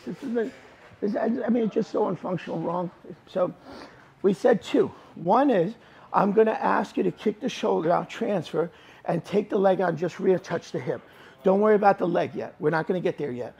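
A man coaches a jiu-jitsu class, walking students through moves as he shows them in an informal, emphatic way. His voice sits high and carries a husky, gravelly texture. He sounds like he is in a training gym. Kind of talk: live class instruction.

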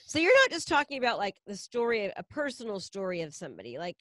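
A woman hosting an interview, asking quick clarifying questions in a casual way. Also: medium pitch, huge pitch swings, a bit bright, dry recording, rough recording. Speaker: host.

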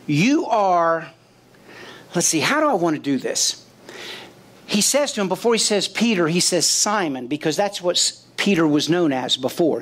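Guy preaching a sermon real slow and deliberate, throws questions at the crowd, acts out the quotes. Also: high voice, fairly bright tone. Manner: slow, emphatic preaching with call-and-response questions. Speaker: pastor.

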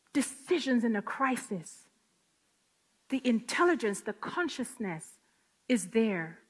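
A woman giving an impassioned testimony to a women's gathering, swinging from hushed whispers to loud, tearful outcries. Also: on the high side. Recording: long hall reverb.

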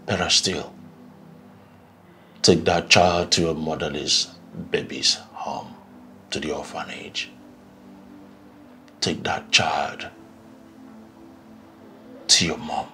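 A Nigerian actor playing a controlling husband in a film drama, talking slowly and swinging from hushed pleading to loud outbursts. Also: male voice, very deep voice, flat delivery, soft background music, exaggerated voice. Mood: coaxing. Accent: Nigerian English. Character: resentful controlling husband, man, adult.

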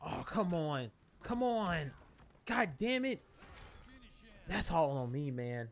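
Commentating his own fighting-game match live, a young channel host speaks in a high voice at a steady, moderate pace. He is quick to get excited, swears a lot, and talks directly to his opponent and his audience.

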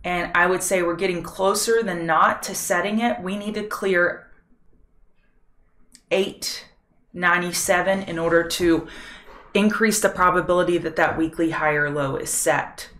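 A woman hosting a trading show, giving a brisk, matter-of-fact daily market recap full of trading jargon. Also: on the low side, steady tone, a bit bright, echoey room.

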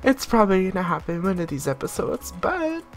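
A woman's voice: mid-range voice, big pitch swings, a little fast, faint music behind. A woman in her late teens giving casual, chatty let's-play commentary, bossing her game characters around and laughing often. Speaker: gaming YouTuber.

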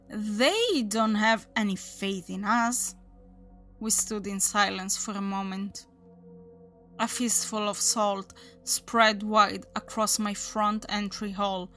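A woman reading a horror story aloud as its narrator, in a measured, deliberate storytelling manner. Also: medium pitch, bright, forceful tone. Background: faint background music.

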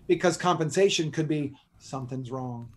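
A man as a podcast guest, explaining posture and exercise in an animated, joking coaching style. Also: on the high side, moderate pace. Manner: animated, joking, teaches by demonstration. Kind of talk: energetic coaching talk.

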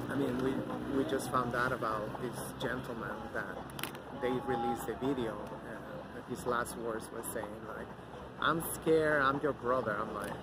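Blunt middle-aged man over loud traffic. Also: medium pitch. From Mexico. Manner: blunt, outspoken, rambling with many fillers. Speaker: vlogger. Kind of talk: casual outdoor vlog rant. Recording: loud outdoor traffic noise.

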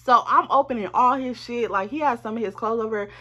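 Animated woman telling a storytime. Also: a little high, brisk, dull audio. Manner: animated, profane, talks straight to viewers. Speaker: vlogger. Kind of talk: casual storytime.

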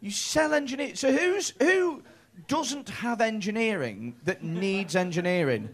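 A man's voice: high-pitched, animated, a little slow, fairly bright tone. A man in his thirties doing stand-up crowd work in a comedy club, chatty and sweary with stammering restarts. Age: 30s.

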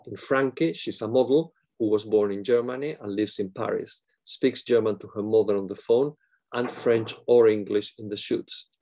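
A middle-aged man delivering an academic plenary lecture, reading a prepared text in a measured way with occasional fillers and restarts. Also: lowish voice, mellow.

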